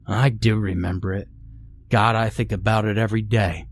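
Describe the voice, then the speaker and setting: A man doing a gruff, hard old man. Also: fairly low pitch, fairly even intonation, moderate pace, slight background noise, close to an everyday voice. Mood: hurt. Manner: stern and clipped, later pained. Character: gruff, hard old gray-haired man, guilt-ridden.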